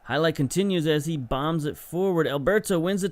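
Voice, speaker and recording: A young man giving casual, chatty play-by-play commentary over highlights from a football management game, getting excited at chances and correcting himself as he goes. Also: brisk, dry recording. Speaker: gaming video host.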